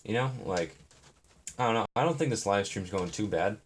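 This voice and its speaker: A man's voice: fairly low pitch, normal speed. A young man chatting in a meandering, self-deprecating way on a live stream while he builds. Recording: noisy, with keyboard and brick clicks.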